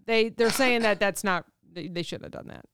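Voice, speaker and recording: A woman's voice: medium pitch, normal speed, fairly bright tone, a little hiss or hum. A young adult woman co-hosting a podcast, chatting casually, giggling and reading out silly business names to rate. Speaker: podcast co-host. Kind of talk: casual chat.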